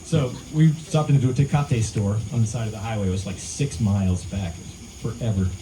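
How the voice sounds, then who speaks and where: A male singer-songwriter telling a relaxed, conversational story between songs at a live outdoor show, into a stage mic. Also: fairly low pitch, a little fast, a little hiss or hum, rough recording. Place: live music venue, outdoors among pines.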